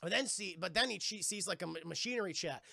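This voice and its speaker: A man streaming, casually retelling a film to chat in an animated, profane, rambling manner, in a dry close-mic room. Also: high-pitched, fast talker, gravelly, no echo.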